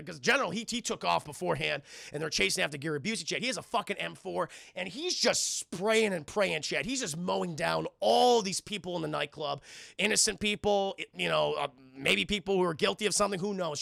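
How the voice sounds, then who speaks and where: A man's voice: high voice, fast talker, vocal fry, sharp tone, no echo, clean studio sound. A man casually recapping a film scene by scene for his stream chat, swearing freely and acting out the characters' lines. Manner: profane, keeps addressing the chat, acts out movie lines.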